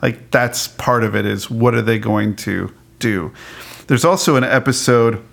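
A man chatting casually as a podcast co-host, animated, laughing often and restarting his sentences. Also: medium pitch, unhurried, vocal fry. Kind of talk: casual chat about a cartoon.

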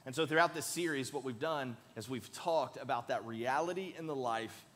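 A man's voice: mid-range voice, normal speed, fairly bright tone. A man preaching a sermon as pastor in a church, earnest and emphatic, leading the congregation in saying lines together. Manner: earnest, emphatic, leads the congregation in call-and-response. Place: large church sanctuary. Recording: long hall reverb.

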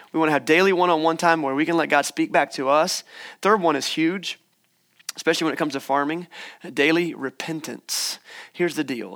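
A young male pastor delivers a sermon in a church with a slightly high-pitched voice. He talks to the congregation in a conversational, encouraging way and drops playful asides along the way. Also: fairly bright tone. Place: church hall.

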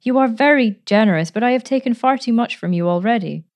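A woman's voice: a little high, animated, fast talker, darkish tone, voice pushed up. A woman reading a storybook, voicing an eager, timid eighteen-year-old girl who speaks earnestly and stammers a little.

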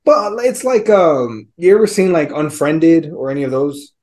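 A man's voice: fairly high pitch, animated, normal speed, a little mellow. A man co-hosting a podcast, chatting casually about a movie, loose and profane with lots of fillers. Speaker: podcast co-host.

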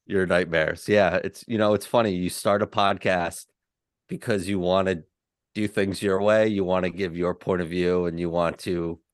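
A man's voice: low voice, little pitch movement, normal speed, no echo, clean studio sound. A man co-hosting a casual sports podcast, talking in a loose, rambling way and restarting his sentences. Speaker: podcast co-host.

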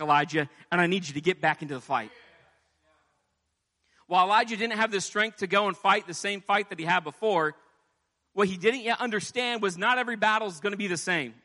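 A man's voice: high-pitched, sharp tone. A man preaching a sermon with impassioned delivery, rising into pleading as he voices scripture. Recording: long hall reverb.

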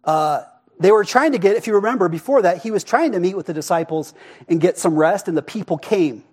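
A man preaching a sermon in a casual, conversational way, often asking "right?" and dropping to a hush for emphasis. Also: high voice, brisk, slightly rough. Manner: expressive, drops to a hush for emphasis. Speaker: pastor.

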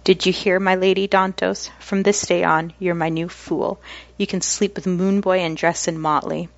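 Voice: medium pitch, little pitch movement, normal speed, vocal fry, close to an everyday voice. A woman reading as a sneering cruel boy king. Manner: sneering, threatening. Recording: slightly dull lo-fi recording.

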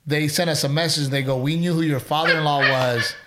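A man in his thirties co-hosting a casual chat, telling animated stories and dropping dude and bro. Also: on the high side, a little fast, very noisy. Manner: animated storyteller, mocking impressions, says dude and bro. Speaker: podcast co-host.

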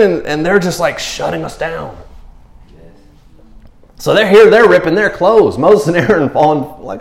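A man's voice: on the high side, a little slow, creaky, pauses often, echoey room. A man preaching a sermon in a casual, slangy way, acting out the people in the story with changing voices. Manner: animated, slangy, acts out quotes in character voices. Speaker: pastor.

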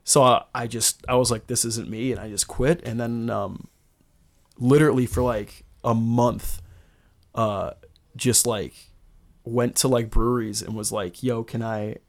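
A man's voice: mid-range voice, fairly even intonation, unhurried. A young man in his twenties, a guest brewer on a podcast, telling a long story in loose casual chat full of filler words.

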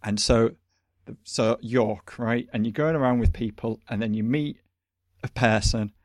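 A man, chatting casually as a podcast host, rambling and animated with lots of fillers. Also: medium pitch, measured pace, no room sound, clean studio sound. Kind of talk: casual chat.

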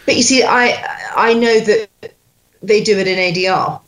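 A woman coaching accents, talking in a chatty, animated way with quoted asides. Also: mid-range voice, normal speed. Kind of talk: casual chat. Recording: roomy echo.

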